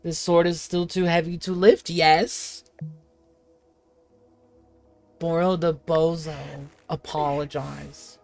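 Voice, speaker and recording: A woman's voice: lowish voice, flat delivery, darkish tone, soft background music. A woman putting on a quaint, kindly tea shop keeper with a thick accent. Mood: cheerful. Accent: put-on foreign accent. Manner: formal broken phrasing, slow and earnest.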